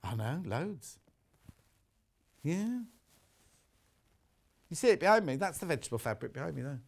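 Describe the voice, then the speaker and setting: A man's voice: on the high side, very animated, moderate pace, vocal fry. A middle-aged man presenting fabrics on a live shopping show, chatty and teasing. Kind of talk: live sales presentation with chat.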